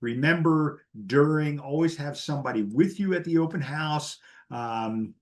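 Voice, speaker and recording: A man's voice: a little high, a little slow. A man teaching a live real estate class, blunt and chatty, acting out the dialogue he quotes.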